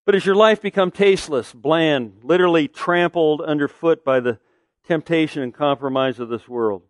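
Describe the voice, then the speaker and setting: A man's voice: on the high side, normal speed, no room sound, studio quality. A middle-aged man preaching a sermon as pastor, earnest and conversational, asking the listeners pointed rhetorical questions.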